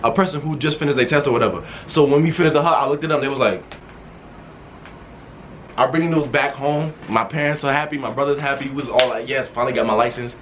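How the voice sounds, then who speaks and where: A young man telling a casual storytime vlog, excited and rambling, restarting his sentences often. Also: medium pitch, fast, slight background noise. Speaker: vlogger. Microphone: wearing a mask while talking.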